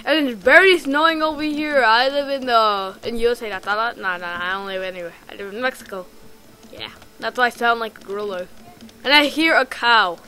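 A woman giving rambling, excitable let's play commentary while gaming, full of ums and restarts. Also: fairly high pitch, brisk, poor audio. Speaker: gamer.

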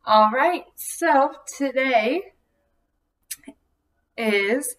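A young woman leads a preschool circle time from her home, speaking slowly and in a gentle sing-song. Her voice is fairly high for a woman. She sits a little back from the phone or laptop mic. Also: far from the mic, rough recording. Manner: slow, sing-song, clearly spelled-out teacher talk. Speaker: preschool teacher.

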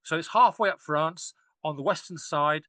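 A man's voice: a little high, normal speed, bright, forceful tone, dry recording. A man, an archaeologist guest on a podcast, talking enthusiastically and rambling with frequent restarts. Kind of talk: casual podcast discussion.

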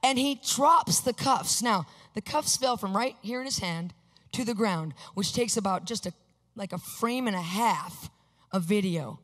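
A woman preaching a sermon, telling a personal story and acting out her own reactions with animated energy. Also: medium pitch, measured pace. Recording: long hall reverb.

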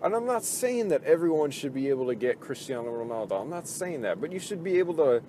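A man's voice: on the high side, sing-song, fast talker, warm tone, a little hiss or hum. A man ranting casually about a video game, frustrated and profane, rambling with lots of fillers and restarts. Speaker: gaming video host.

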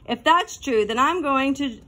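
A cheeky young boy cracks wise with a grin in his voice, as a woman narrator puts him on. The tone is high and light, from a storybook reading. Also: animated, measured pace, a bit bright. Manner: cheeky and playful. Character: cheeky joking fifth-grade boy.

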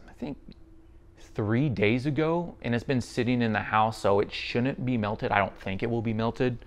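Chatty man reviewing beard products. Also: mid-range voice. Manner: friendly, chatty, thinks aloud with fillers.

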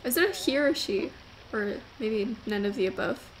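A young woman streaming a video game, chatting to her viewers in a casual, gushing, easily excited way. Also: medium pitch, moderate pace, a little hiss or hum. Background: game music.

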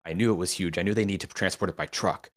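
A man's voice: deep voice, quick pace. A man co-hosting a live show in casual chat, explaining things in a matter-of-fact way. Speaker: co-host, writer.

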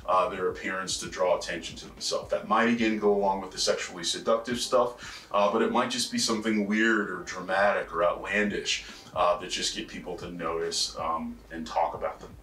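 A man with a low voice and a bright, forceful edge gives a lecture in a loose, chatty manner, tossing in "right?" and filler sounds as he goes. He sits back from the microphone, so the room rings around him with a faint hiss underneath. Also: steady tone, fairly quick. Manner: conversational, frequent "right?" and "uh" fillers. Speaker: college instructor. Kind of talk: recorded lecture. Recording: roomy, distant mic with faint noise.

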